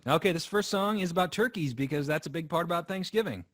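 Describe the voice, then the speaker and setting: A man's voice: on the high side, quick pace, fairly bright tone. A man who is a guest musician, chatting with dry, playful humor and singing comic parody songs. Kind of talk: comedic song parodies with guitar.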